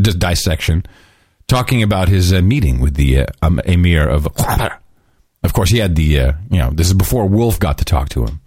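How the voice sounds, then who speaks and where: A sarcastic male podcast host with a lively, swinging pitch and a mocking streak. His voice sits very dry and close, with no room around it. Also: no echo. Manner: sarcastic, mocking, laughs often. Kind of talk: casual comedic commentary.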